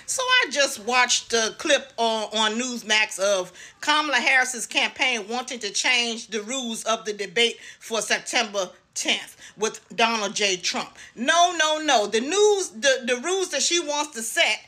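A woman with a high, bright voice reacts indignantly in casual news commentary, repeating herself for emphasis. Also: animated, measured pace, few pauses. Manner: indignant, insistent.

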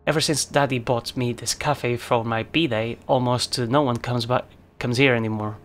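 A man's voice: mid-range voice, steady tone, normal speed, faint music behind, close to an everyday voice. A man voicing a pouty, ditzy young woman in a video game text, read aloud plainly.

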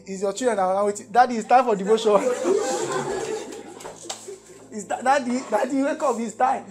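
A man with a Nigerian English accent preaching a sermon to a campus congregation, swinging between loud emphatic calls and low asides and asking the crowd questions.

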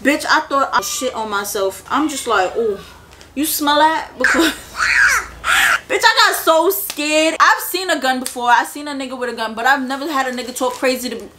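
A woman's voice: high-pitched, expressive, brisk, few pauses, very noisy. A young woman from the Bronx with a New York accent, telling a blunt, slangy, profane story to camera in a casual storytime style. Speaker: storyteller vlogger.

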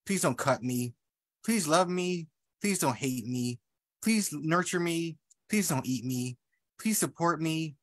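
A man's voice: on the high side, no room sound. Playful man poet at an open mic, rhyming banter, dry close sound. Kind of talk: rhyming poetry reading with casual asides.

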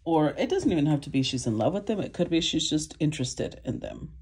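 Low husky woman reading tarot. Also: expressive, brisk, a little mellow. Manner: thinks aloud, calls out cards, clears throat. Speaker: tarot reader.

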